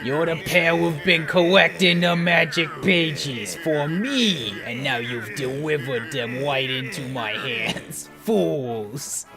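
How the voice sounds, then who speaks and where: A man voicing a scheming, gloating male corporate villain bee in a video game, speaking slow and drawn out over game music. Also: fairly high pitch, voice pushed down.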